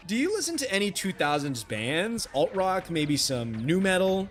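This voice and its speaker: A very animated man with a high voice talks at a moderate pace on his live stream, reading chat messages aloud. He rambles, uses many fillers, says sorry often and swears without much thought.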